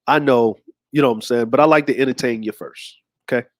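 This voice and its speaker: A man's voice: mid-range voice, fast, dry recording, studio quality. A man hosting a show, talking to his audience in a slangy, rambling way. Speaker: host. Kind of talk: casual commentary.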